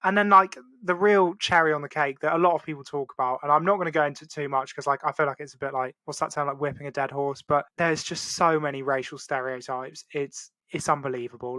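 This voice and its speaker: A man hosting a podcast, chatting in an animated, rambling way full of "like". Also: on the high side, no echo. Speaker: podcast host. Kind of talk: casual banter.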